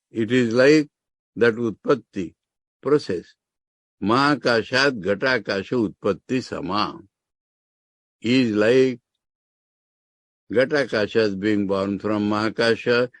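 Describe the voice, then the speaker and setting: A man's voice: on the low side, lively intonation, measured pace, pauses often, dry recording. A man with an Indian English accent, teaching scripture as a monk, explaining Sanskrit terms word by word with emphatic rises. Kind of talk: scriptural discourse.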